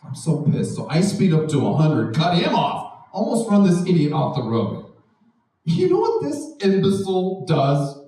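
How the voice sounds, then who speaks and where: A young man doing a stand-up comedy set, animated, often jumping into high mocking voices for the people he quotes. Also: normal speed. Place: art house venue with live audience. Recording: echoey room, distant mic, faint noise. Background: audience laughter.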